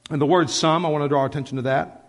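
A male pastor gives a passionate, conversational sermon in a slightly high voice, speaking rapid-fire with fairly even intonation. His words echo through the church sanctuary with a long reverb tail.

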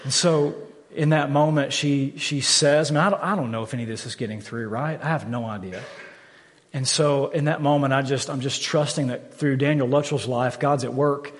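A pastor in his thirties gives a sermon in a church sanctuary, his medium-pitched voice moving at a moderate pace. He often repeats words while stressing ideas, sounding earnest and candid, and the church adds long hall reverb.

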